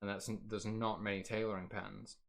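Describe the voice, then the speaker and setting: A man's voice: on the low side, fairly even intonation, moderate pace. A man streaming and chatting casually about his game plans, rambling and correcting himself as he goes, his voice getting a little worn.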